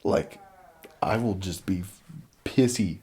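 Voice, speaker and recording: A young man hosts a podcast, speaking slowly in a low-pitched, darkish voice. His talk is casual and rambling, packed with filler words.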